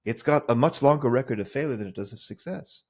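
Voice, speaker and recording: Speaking quickly in a medium-pitched, slightly mellow voice, another man argues his side with emphasis. He's a podcast co-host on a remote call, taking part in a casual discussion.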